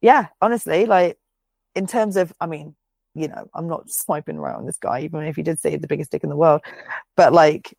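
A woman in her thirties co-hosts a casual podcast, telling stories with lots of swearing and laughter. Her voice is low and gravelly. The sound is dry and close. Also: brisk, dry recording. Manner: swears freely, laughs often, animated storytelling. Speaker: podcast co-host. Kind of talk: casual chat.

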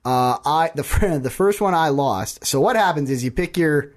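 A man co-hosting a podcast in casual chat, relaxed and laughing often. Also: fairly high pitch, normal speed. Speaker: podcast co-host.

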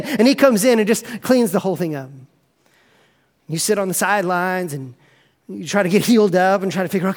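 A male pastor preaching a sermon in a conversational, animated storytelling manner, often saying "man" and "right.". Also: high voice, fast talker.

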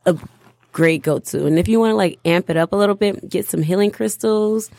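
A woman's voice: medium pitch, fairly quick, gravelly, darkish tone, no echo, studio quality. A young woman co-hosting a podcast with a Michigan accent, chatting casually with lots of filler words and frequent laughter. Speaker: podcast co-host. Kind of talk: casual chat.

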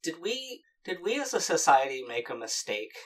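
A man's voice: on the high side, big pitch swings, moderate pace. A man co-hosting a comedy podcast, joking casually and laughing at his own bits. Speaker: podcast co-host.

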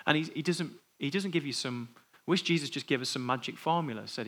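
A man's voice: on the high side, fast, a bit bright. A man preaching an informal sermon in a church, talking in a conversational way and thinking aloud before opening the floor for discussion.

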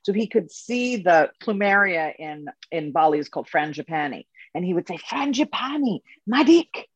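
Woman tour leader, lively raconteur, lower register, dry studio sound. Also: normal speed, no room sound, highs cut off. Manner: animated, laughs through stories. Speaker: spiritual coach and tour leader. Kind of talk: casual storytelling in an interview.

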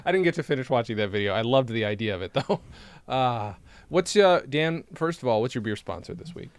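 A man co-hosting a comedy podcast, chatting casually and teasing his co-host with quick jokes. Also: mid-range voice, expressive, clean tone, no room sound.

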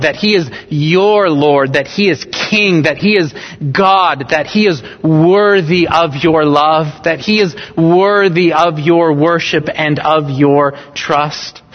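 A man preaching a sermon as pastor, earnest and rising in emphasis, often repeating a phrase with new stress. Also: high-pitched. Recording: dull sound with long hall reverb.

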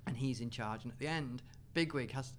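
A man speaking as an author on a live panel discussion, enthusiastic, with quick asides and laughter. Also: mid-range voice, a little hiss or hum.

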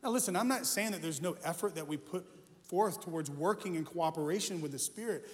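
A pastor in his forties tells a sermon story with lively, self-mocking humor. His voice sits fairly high for a man. It rings out with a long reverb through a large church sanctuary. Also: a little fast. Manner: animated, self-deprecating humor, earnest. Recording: echoey church hall.

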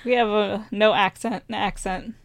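A woman's voice: mid-range voice, steady tone, moderate pace, gravelly, no echo. A woman from Maryland co-hosting a podcast, chatting casually with teasing banter and frequent laughter. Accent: Maryland American. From Maryland, USA. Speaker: podcast co-host. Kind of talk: casual chat.

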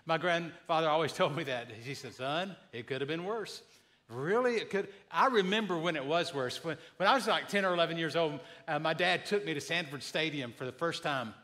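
A man's voice: a little high, sharp tone. A man in his fifties preaching a sermon, telling folksy, joking stories as the pastor.

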